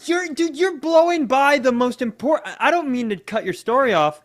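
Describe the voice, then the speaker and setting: A man's voice: very high-pitched, lively intonation, normal speed. A male podcast co-host in casual chat, joking and cutting in on the story. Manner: jokey, interjecting.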